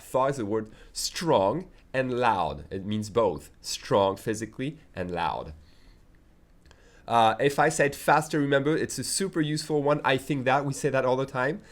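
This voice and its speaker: A man with a French accent teaching a French lesson, patiently repeating example phrases slowly and then at speed. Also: lowish voice, lively intonation. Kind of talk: language lesson.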